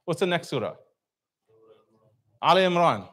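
A man's voice: on the high side, sing-song, unhurried, a bit bright, husky. A man giving an informal religious talk to a live audience, conversational, asking the crowd questions and acting out reactions. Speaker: speaker at a community talk. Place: event hall.

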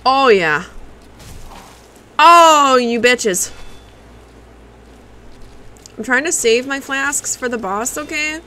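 A woman streams a video game and reacts with curses and quick asides to her chat. Her voice sits a little high and bright, and she speaks slowly. A faint hiss runs under the mic. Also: animated, low-quality recording. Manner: profane, reactive, talks to chat. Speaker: livestreamer playing a video game. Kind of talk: casual live gameplay commentary.

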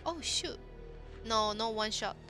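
Her voice sits a little high and she speaks slowly over music. A Japanese-accented woman streaming a game, she chats with viewers in simple English and cries out at what happens on screen, keeping the commentary casual.

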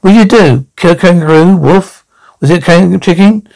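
A lowish, creaky, dark-toned woman's voice at normal speed, recorded in low quality. She performs sketch comedy for TV as a foul-mouthed, brash old London nan who heckles and taunts everyone, throwing out mocking insults and names in a rude, cheeky manner.

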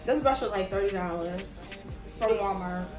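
Speaking at medium pitch and normal speed, a young woman reviews a wig casually, exasperated, blunt, and swearing. The sound is roomy from a distant mic, with music playing underneath.

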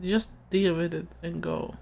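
A woman's voice: lowish voice, fairly even intonation, unhurried, vocal fry, dark tone. A woman casually commenting on her own gameplay, chatting and giggling to herself. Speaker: let's play gamer.

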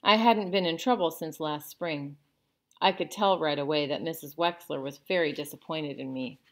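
A woman teacher reads a children's novel aloud for her class, her narration clear and expressive. Her voice sits a little low for a woman. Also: moderate pace.

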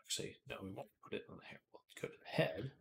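A man live-streaming, quietly talking himself through 3D modeling work, sometimes dropping to soft whispered asides and getting chattier and amused when he answers chat. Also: mid-range voice, lively intonation, racing, vocal fry. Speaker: livestreamer. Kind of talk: casual live-stream commentary while 3D modeling.

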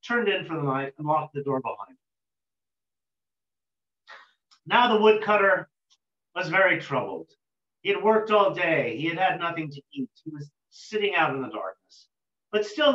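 In a roomy, somewhat muffled lo-fi recording, a man recounts an old folk tale slowly and rhythmically. His voice is a bit bright and pitched slightly above the typical male range.

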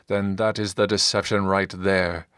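A man playing a booming zealot paladin. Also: flat delivery, measured pace, fairly bright tone, smooth, no echo, clean studio sound. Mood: zealous. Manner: proclaiming, zealous, commanding. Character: fanatical zealot paladin, booming and self-righteous.

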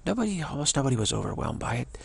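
A man's voice: mid-range voice, very animated, rapid-fire, vocal fry, slight background noise. A man giving an informal spiritual teaching talk in a loose, rambling way, often repeating phrases for emphasis.

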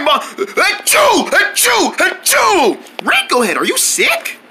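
One speaker voicing all the characters of a homemade cartoon and its channel promos, jumping between voices and shouting exclamations. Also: mid-range voice, slight background noise.

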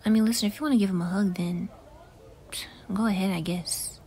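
A woman voicing a shy teenage girl in an audio role-play, soft and hesitant. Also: medium pitch, quick pace, a little hiss or hum, close to an everyday voice. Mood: hushed. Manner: soft, hesitant, often hushed.

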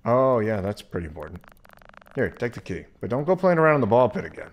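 A man voicing a gruff, weary male night security guard in a game, with a dry, grumbling, unimpressed manner. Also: mid-range voice, very animated, fast talker, lo-fi sound, natural voice.

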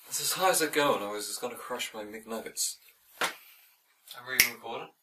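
A man's voice: medium pitch, normal speed, pushed and bright, far from the mic, a little hiss or hum. A man goofing through comedy outtakes, flustered and often stumbling, swearing and restarting his lines while trying a shaky Irish accent. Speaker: amateur video maker.

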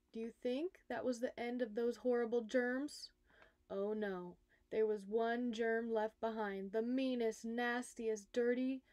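A woman, a nurse, reading a children's picture book aloud, expressive and speaking directly to young listeners. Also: a little high, no room sound. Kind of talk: storybook read-aloud for children.

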